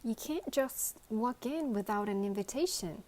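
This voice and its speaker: A jittery talking lunchbox with a quavering, indignant edge, put on by a woman reading a storybook. The voice sits above the narrator's usual register, and the delivery is slow. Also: on the high side, animated, darkish tone, slight background noise, voice pushed up. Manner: anxious, quavering. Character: fussy nervous talking lunchbox, female.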